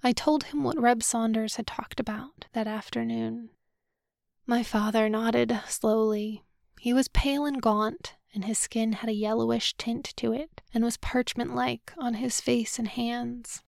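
A woman narrates a novel in the first person with a measured, solemn delivery. Her fairly high voice has a gravelly texture and stays flat, moving slowly. The recording is dry and close. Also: dry recording. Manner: measured, subdued, solemn reading. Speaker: audiobook narrator.

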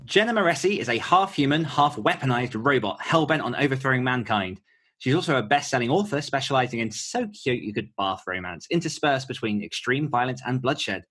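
A man's voice: medium pitch, expressive, fairly bright tone, slightly rough, faint music behind. A man hosting a podcast interview in an upbeat, playful manner. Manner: upbeat, playful, quick to laugh. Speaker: podcast host.

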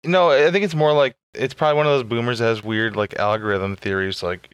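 A man's voice: lowish voice, fast, hardly any pauses, smooth, no room sound. A man co-hosting a podcast, making sardonic, profane remarks in casual chat. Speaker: podcast co-host.

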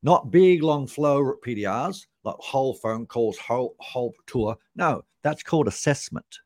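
A man's voice: mid-range voice, expressive, measured pace, no room sound, studio quality. A man, a sales trainer explaining his method as a podcast guest, punchy and repeating key points for emphasis.

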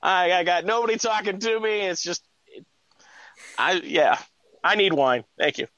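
A man's voice: high-pitched, animated, a little slow, fairly bright tone, no echo, dull audio. Stammering, self-deprecating male co-host. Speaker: podcast co-host. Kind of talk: casual podcast banter.

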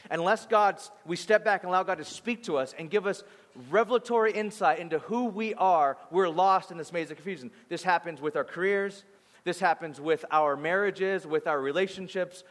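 A male pastor preaching a sermon in a conversational, animated way, mixing teaching with casual asides and stories. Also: on the high side. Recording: long hall reverb.

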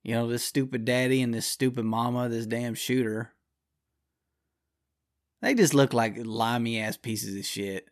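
A man's voice: mid-range voice, unhurried, long pauses. A man hosting his own show, delivering a blunt, profane, rambling solo rant.

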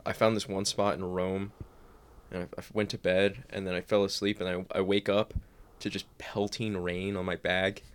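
A man's voice: deep voice, level tone, moderate pace, clear, resonant tone. Young man rambling in casual chat. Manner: rambling, swears a lot, says "like" often. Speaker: traveler telling a story.

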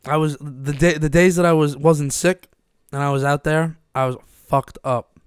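A man's voice: on the high side, steady tone, normal speed, clear, resonant tone, dry recording, studio quality. A young man from Long Island chatting casually with friends, laid-back and swearing freely. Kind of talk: casual chat.

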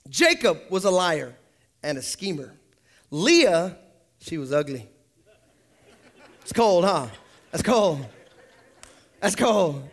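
Male pastor, high lively delivery, sermon with jokes. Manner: animated, joking, swinging between loud highs and low asides.

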